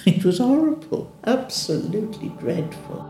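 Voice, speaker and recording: A woman's voice: mid-range voice, big pitch swings, moderate pace. An older woman speaking frankly and wryly in an interview, acting out the voices she quotes. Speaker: patient sharing her story. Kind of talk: interview testimony. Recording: echoey room with soft music.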